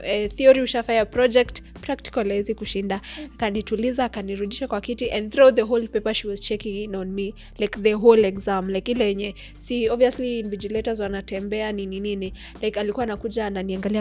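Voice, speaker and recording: A young Kenyan woman co-hosting a podcast, telling an animated story and code-switching freely. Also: medium pitch. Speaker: podcast co-host. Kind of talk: casual chat, storytelling.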